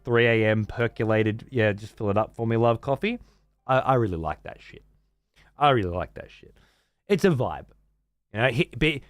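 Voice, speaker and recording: A man's voice: medium pitch, dry recording. A man streaming a game, chatting casually in a rambling, heavily profane way.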